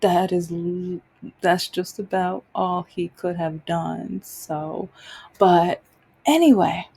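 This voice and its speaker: Woman podcast host, warm low-key tone, rambling casual storytelling, acts out other people's lines. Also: slow pace, vocal fry, husky. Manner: rambling, with many fillers and restarts.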